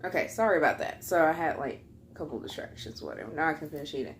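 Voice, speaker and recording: A young woman telling a story in a casual mukbang vlog, full of fillers, with a slightly higher voice when she quotes people. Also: animated, fast talker, a little hiss or hum. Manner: chatty, many fillers, acts out quotes in a higher voice. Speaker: vlogger.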